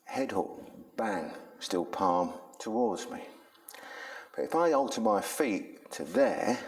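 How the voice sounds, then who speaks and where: Man, low voice, self-defense instructor, chatty slangy storytelling, echoey training room. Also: gravelly. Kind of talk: casual instructional talk with demonstration. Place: training room with a punching bag.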